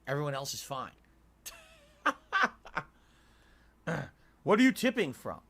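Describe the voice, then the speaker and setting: A man co-hosting a casual livestream chat, telling rambling stories in an animated way with plenty of filler words. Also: mid-range voice, slow.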